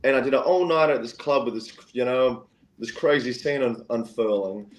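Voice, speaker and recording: A man in an easy, rambling storytelling mood, his voice sitting at a middling pitch. He rushes through some stretches and slows right down in others. He acts out the other people in his story, jumping his pitch up to play them. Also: poor audio. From Australia. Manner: animated, acts out quoted voices with big pitch jumps, keeps saying "anyway". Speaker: guest singer-songwriter. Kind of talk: casual storytelling chat.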